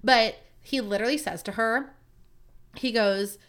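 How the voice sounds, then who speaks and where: A woman's voice: fairly high pitch, unhurried, fairly bright tone, clean tone. A woman in her thirties, a podcast host, telling a story in a casual, chatty way with lots of asides to her listeners. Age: 30s.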